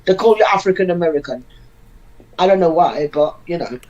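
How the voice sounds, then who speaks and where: A woman's voice: on the low side, expressive, fairly quick, darkish tone. Woman talking earnestly on a lo-fi panel. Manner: earnest, repeats phrases for emphasis. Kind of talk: casual panel discussion.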